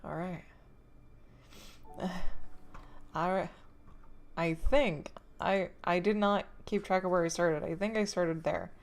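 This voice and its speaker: A woman's voice: on the low side, slow pace, pauses often. A young woman chatting casually on a livestream, tearful and laughing between words. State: tearful, crying. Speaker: streamer. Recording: faint background music.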